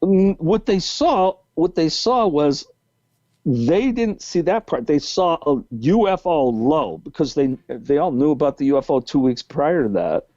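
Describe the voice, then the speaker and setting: A man's voice: a little high, animated, measured pace, warm tone, no room sound. A man in his sixties with a New England accent, a guest telling a long story in a rambling way, full of restarts. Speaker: podcast guest. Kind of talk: storytelling interview. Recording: muffled lo-fi call audio.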